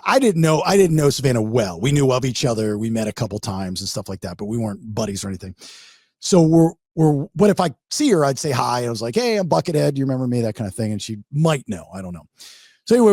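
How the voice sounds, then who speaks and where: A man hosting a podcast, telling a story in a casual, animated way and acting out the quotes. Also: medium pitch, no echo, clean studio sound. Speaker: podcast host.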